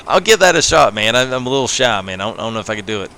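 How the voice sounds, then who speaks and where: A very animated man with a mid-range voice talks at a quick pace, bright and forceful, over a faint hiss or hum. During a late-night livestream of a farming game, he chats casually with viewers as a gaming streamer. He's relaxed, laughs often, and keeps appending "man" to his phrases.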